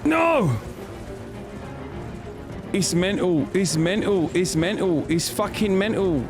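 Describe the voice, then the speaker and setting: A man's voice: high-pitched, sing-song, slow pace, music in the background, heavily acted. A man doing a cocky, constantly swearing Scouse lad voice while playing a game. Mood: frantic. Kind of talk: comic put-on voice while gaming.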